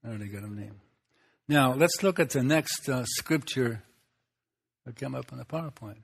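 A man's voice: mid-range voice, moderate pace, gravelly, slightly rough. A man preaching a sermon, folksy and conversational, with rhetorical questions and frequent chuckles. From Swedish Lutheran background. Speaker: pastor.

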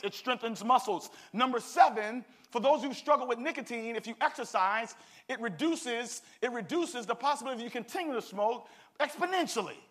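High, bright-voiced preaching man. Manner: animated, call-and-response preaching. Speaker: pastor. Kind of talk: sermon.

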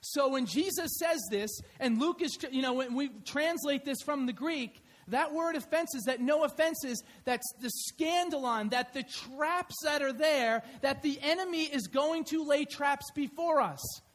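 A man preaching a conversational sermon in church, telling stories in an animated way. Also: very high voice, measured pace. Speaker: pastor. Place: church sanctuary.

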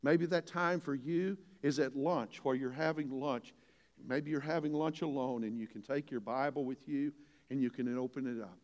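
A man's voice: medium pitch, normal speed, a little mellow. An older man preaching a sermon as a pastor, folksy and earnest, building to emphatic points. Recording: long hall reverb.

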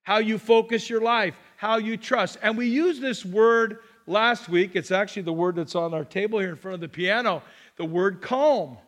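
A man's voice: high-pitched, normal speed, fairly bright tone. A man preaching a sermon as pastor, talking to the congregation in a conversational way and asking rhetorical questions. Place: church sanctuary.

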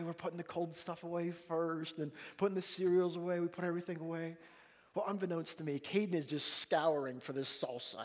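A man preaching a sermon as a pastor, telling a family story in an animated, jokey way and acting out the dialogue. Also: fairly high pitch. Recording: long reverb of a large hall.

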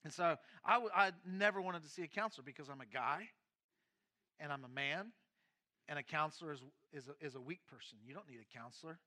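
A middle-aged man who is a pastor, telling his own story in a sermon, candid and shifting between quiet and emphatic moments. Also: a little high, fairly quick. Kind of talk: sermon testimony.

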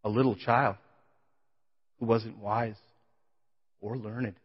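A man preaches a personal testimony in a sanctuary, rising to loud, pleading peaks and falling back to a near hush. His voice rings out with a long reverb tail in a large hall, and the recording sounds muffled and dull. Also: steady tone, slow pace, breathy edge. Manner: emotional testimony, voice swelling then dropping low. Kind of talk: sermon.

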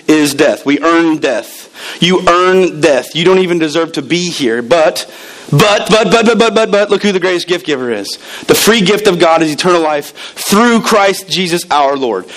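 A man's voice: fairly high pitch, fairly bright tone, poor audio. A man preaching a sermon as pastor, telling stories animatedly and repeating words as he builds up.

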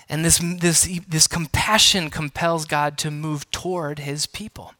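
Pastor guy giving a sermon, brightish higher voice, playful, gets the crowd to repeat stuff, dry close sound. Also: measured pace, few pauses, no echo. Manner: engaging teacher, asks congregation to respond; playful self-deprecating asides.

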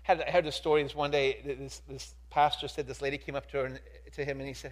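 A man preaching a sermon as pastor, emphatic and repetitive, asking rhetorical questions and swinging from soft to loud. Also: medium pitch, little pitch movement, fast, few pauses.

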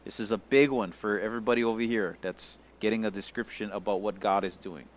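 A pastor giving a casual Bible-study sermon, talking conversationally with slang and often checking in with his listeners, sometimes dropping to a hushed near-whisper. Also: lowish voice, steady tone, a little fast.

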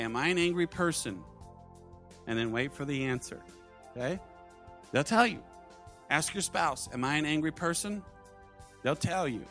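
A middle-aged man preaching a sermon, earnest, swinging from loud urging to soft, low asides. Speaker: pastor.

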